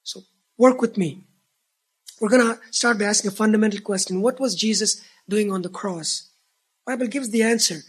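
A man preaching a sermon as pastor, earnest, swelling to emphatic peaks and dropping to hushed tones. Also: high-pitched, normal speed, slightly rough.

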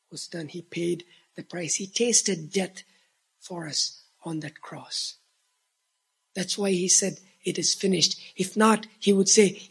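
A preacher delivering a sermon in an earnest manner, swinging from emphatic declarations to hushed, near-whispered lines. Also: mid-range voice, vocal fry, husky.

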